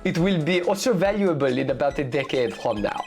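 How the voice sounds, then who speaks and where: A woman's voice: deep voice, lively intonation, a little mellow, soft background music. A woman voicing a flamboyant male restaurant owner with a put-on French accent, theatrical and flirty, reading a video game's lines. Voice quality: theatrical, flirty, drawn-out vowels.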